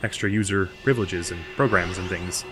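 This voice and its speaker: A man's voice: low-pitched, moderate pace, music in the background. A man hosting a let's play, giving playful, chatty gameplay commentary and laughing often.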